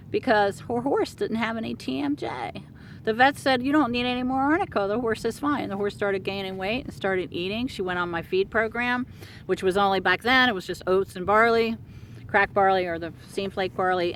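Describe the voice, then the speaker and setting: A middle-aged woman casually telling a long story about her work with horses, rambling and animated, with many fillers and restarts. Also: mid-range voice, slight background noise. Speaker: horse care practitioner telling a client story.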